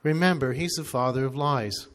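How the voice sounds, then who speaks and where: A man, a priest, preaching a sermon in a deliberate, emphatic way. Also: medium pitch, fairly bright tone.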